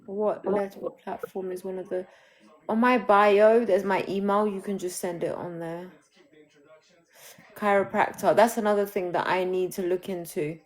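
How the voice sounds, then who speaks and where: A grieving woman, talking openly on a phone livestream from home in a halting, emotional way. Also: medium pitch, fairly even intonation. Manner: open and emotional, halting restarts. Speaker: livestream host. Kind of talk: candid live chat.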